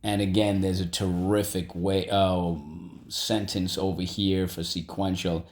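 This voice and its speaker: Slow, deep-voiced male teacher. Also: flat delivery, a little mellow. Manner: slow, deliberate, repeats words for students to echo. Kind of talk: vocabulary lesson. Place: home room.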